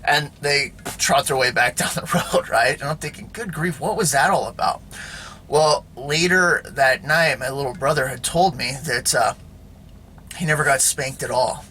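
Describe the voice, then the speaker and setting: Rambling man with a bright voice. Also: mid-range voice, moderate pace, slight background noise. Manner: rambling, full of fillers and tag questions. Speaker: video host. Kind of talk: casual storytelling monologue.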